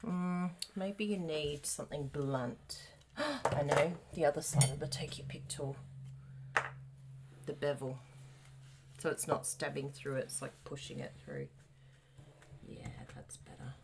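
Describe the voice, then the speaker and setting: A woman's voice: deep voice, unhurried, long pauses, very noisy. A woman co-hosting a live craft stream, chatting playfully and laughing often, with a slight frog in her throat. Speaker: craft demonstrator co-host.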